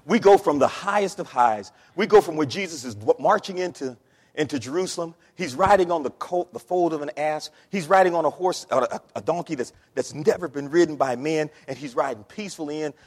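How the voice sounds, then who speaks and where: Pastor, high voice, preaching in a church with a long echo, hushed one moment, shouting the next. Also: male voice, breathy edge. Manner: preaching with swings between soft weeping tones and loud shouting. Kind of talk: sermon. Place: church sanctuary. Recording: long hall reverb.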